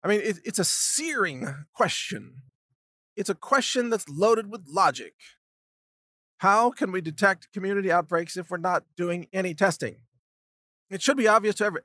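A man delivers a solo commentary rant into a close, dry mic, his voice sitting a bit higher than most men's. He sounds indignant and sarcastic, and he keeps acting out mocking imagined conversations to make his point. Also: sharp tone, no room sound. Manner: indignant, sarcastic, acts out mocking hypothetical dialogues. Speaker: commentary podcast host.

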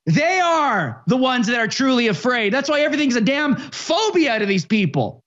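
A speaker in their twenties hosting a political commentary show, ranting with impassioned, sarcastic shouting. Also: sits high, sing-song, normal speed, muffled recording.

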